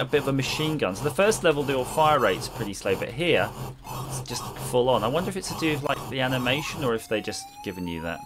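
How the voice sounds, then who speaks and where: A man streaming retro games, chatting casually and rambling jokily with viewers while he plays, over a noisy background hum. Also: medium pitch. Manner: jokey, rambling, chats with viewers. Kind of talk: casual livestream chat while gaming.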